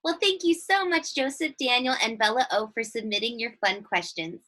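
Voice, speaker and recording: A woman's voice: on the high side, moderate pace, sharp tone. A woman hosting a kids' interview, cheerful and encouraging like a teacher. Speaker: host, teacher.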